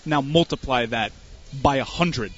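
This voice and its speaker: A man in his twenties co-hosting a sports radio show, laid-back and quick to ask questions and joke. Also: mid-range voice, breathy edge, highs cut off. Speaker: radio co-host. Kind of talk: casual sports radio chat.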